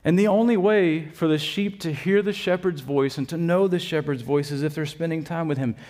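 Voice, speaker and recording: A man preaching a conversational sermon, asking rhetorical questions and dropping quiet for emphasis. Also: a little high, normal speed. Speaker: preacher and baseball coach.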